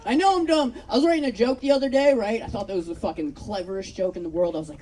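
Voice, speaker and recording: A woman's voice: mid-range voice, quick pace, dark tone. A woman performing a self-mocking stand-up set on an outdoor patio, telling stories and acting out quotes. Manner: loose, self-mocking storytelling with acted-out quotes. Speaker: stand-up comedian. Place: outdoor patio comedy show. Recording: live show with crowd faint. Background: audience laughter.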